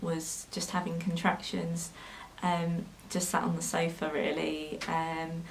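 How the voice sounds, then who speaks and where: A woman's voice: on the low side, darkish tone, rough recording. Hesitant young woman vlogger. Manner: hesitant, many ums, gets emotional. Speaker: sewing vlogger. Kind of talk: personal storytelling to camera.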